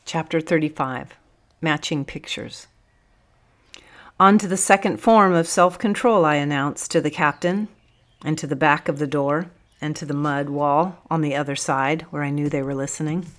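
A woman narrating a story in the first person, in a measured, gently expressive reading. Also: sits low. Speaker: audiobook narrator.

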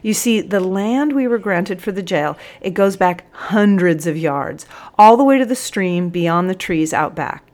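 A woman's voice: mid-range voice, animated, a little slow, hardly any pauses, a little mellow, close to an everyday voice. A woman voicing an eager, earnest young male jail corporal in a spoken story. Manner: earnest, pleading.

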